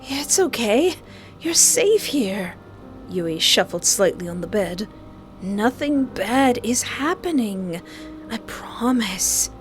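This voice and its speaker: A woman voicing a creepy, soft-spoken yandere young man who talks slowly and soothingly. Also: medium pitch, animated, faint music behind. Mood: falsely soothing. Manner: slow, hushed and falsely soothing.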